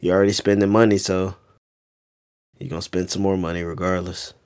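Very deep-voiced blunt man. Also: level tone, fairly quick, a little mellow, clean tone, no room sound, clean studio sound. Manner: blunt and profane, judging. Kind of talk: casual chat.

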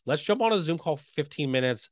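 A man speaking as a podcast guest and real estate coach, talking quickly and earnestly and often checking in with "right?". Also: on the high side, lively intonation, dry recording, clean studio sound. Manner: earnest, fast, enthusiastic talker with frequent "right?" tags.

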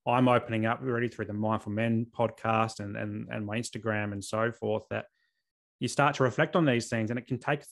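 A man in his thirties from South Australia with an Australian accent, hosting a podcast interview in an earnest, open way with halting restarts. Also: fairly low pitch, steady tone, vocal fry. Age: 30s. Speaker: podcast host. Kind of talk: casual interview chat.

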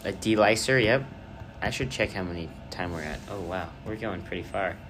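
Young male podcast host with a lowish voice, rambling storyteller, casual chat. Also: normal speed, over music.

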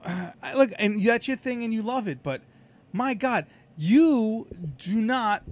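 A man's voice: very high-pitched, lively intonation, moderate pace. A man co-hosting a podcast, telling a long anecdote in casual chat, with many restarts. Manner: rambling, self-interrupting storyteller with many restarts and fillers. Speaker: podcast co-host.

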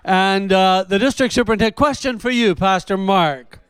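A man's voice: high-pitched, moderate pace, smooth. A man hosting a playful quiz among friends, laughing and drawing out his questions. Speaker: quiz host. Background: people talking and laughing.

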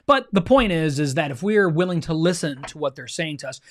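A man's voice: on the high side, expressive, fairly quick, fairly bright tone, a little hiss or hum. A man in his thirties co-hosting a faith-based marriage podcast, talking in an earnest, conversational way and often checking in with "right?". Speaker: podcast co-host.

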